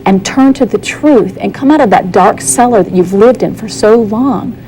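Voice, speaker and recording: A woman's voice: medium pitch, normal speed, dark tone, slight background noise, low-quality recording. A woman giving a candid, earnest personal testimony as a guest on a talk show, often acting out the dialogue she quotes.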